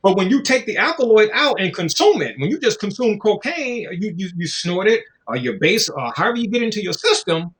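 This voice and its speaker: A man's voice: high-pitched, very animated, brisk, hardly any pauses, fairly bright tone. A man in casual conversation, talking in a loose, profane, preachy way and acting out little voices as he goes. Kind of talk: casual chat.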